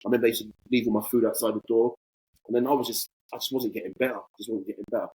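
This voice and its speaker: A man's voice: on the low side, fairly even intonation, racing, a little mellow, husky, rough recording. A man in his forties, a podcast guest telling a casual anecdote with animation and acting out both sides of conversations.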